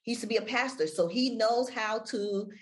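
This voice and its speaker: An older woman talking on a video call as an interview guest, animated, with big swings between loud and near-whispered delivery. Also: fairly high pitch, normal speed. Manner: animated, wide swings of inflection, drops to near-whisper for effect. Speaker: guest, audio-room moderator.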